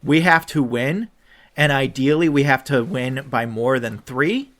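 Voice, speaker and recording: A man co-hosting a podcast, ranting about football with an animated, swearing delivery that climbs toward near-shouts when he gets upset. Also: mid-range voice, unhurried. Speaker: podcast co-host. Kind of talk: ranting sports chat.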